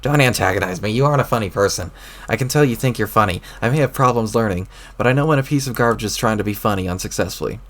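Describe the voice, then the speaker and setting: A man's voice: lowish voice, quick pace, lightly acted. A man voicing a petulant, arrogant young male alien who barks demands and sulks, reading a webcomic aloud. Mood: sulky. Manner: shouty, indignant, demanding.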